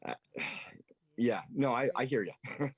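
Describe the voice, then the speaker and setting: A man as a guest angler, explaining in a relaxed, hesitant way with fillers. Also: mid-range voice, takes it slowly, breathy edge, no echo. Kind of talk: casual interview chat.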